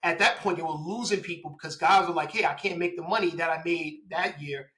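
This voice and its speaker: A man in his forties tells his story in a relaxed interview. His voice sits a little high and sounds very bright and forward. He talks in an animated way and acts out the dialogue he quotes. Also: brisk, rough recording. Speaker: guest, police officer.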